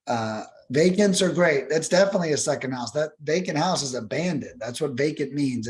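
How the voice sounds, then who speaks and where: A young adult man speaking casually as a podcast guest, animated and profane, acting out callers in high voices. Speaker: guest, cold calling expert.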